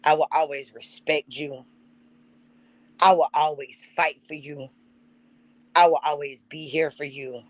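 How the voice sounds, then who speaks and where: A woman's voice: low-pitched, steady tone, a little slow, pauses often, no echo, poor audio. A woman hosting a live stream, giving a heartfelt tribute and talking straight to her chat. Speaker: channel host.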